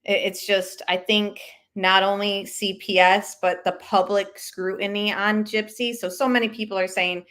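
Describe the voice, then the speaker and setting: A woman hosts a live commentary stream in a relaxed, chatty way. She gives her opinions freely and reacts to viewer comments, reading them aloud as they come in. Her voice sits at an ordinary middle pitch. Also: a little slow. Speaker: commentary channel host.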